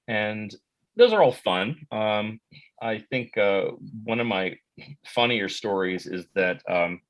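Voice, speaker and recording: An American actor talks through his career in a relaxed, rambling interview. His voice sits fairly low, and he loses his thread with fillers and restarts, often breaking into a laugh. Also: slow pace, poor audio. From United States. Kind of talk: casual interview answers.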